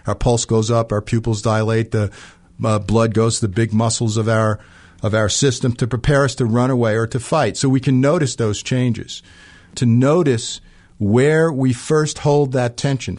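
A middle-aged man calmly explaining ideas in an interview, using everyday examples. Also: medium pitch, normal speed. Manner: calm, explanatory, gives examples. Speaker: guest expert on emotional fluency. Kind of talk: interview answers.

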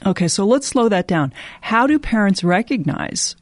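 A man hosting an interview and asking measured, guiding questions. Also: sits high, big pitch swings, no room sound. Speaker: interview host.

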